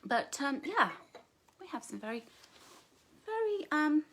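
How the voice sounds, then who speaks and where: A woman's voice: high-pitched, sing-song, takes it slowly, pauses often, a bit bright, slight background noise. A middle-aged woman with a Northern English accent, chatting casually to viewers on a home livestream, calling them darling and love, with giggly self-deprecating humour. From England. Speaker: author hosting a live book launch. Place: home living room. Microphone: phone or webcam facing her.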